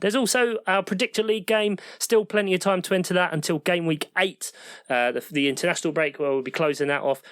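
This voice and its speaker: Chirpy man with a high voice. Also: a bit bright, no echo, clean studio sound. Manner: chirpy, teasing, announcer-like. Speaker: podcast co-host. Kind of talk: casual chat, reading out league standings.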